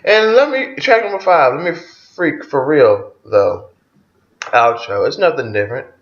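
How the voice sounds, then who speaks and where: A man's voice: a little high, animated, a little slow, reverberant, lo-fi sound. A man giving a casual spoken album review, loose and profane as he retells songs track by track.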